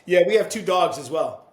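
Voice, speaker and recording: A man's voice: fairly high pitch, slight background noise. A man hosting a casual video-call chat from his home pottery studio, friendly and talkative, laughing often. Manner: chatty, laughs often, breaks into playful voices when quoting. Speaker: podcast host. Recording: roomy studio echo.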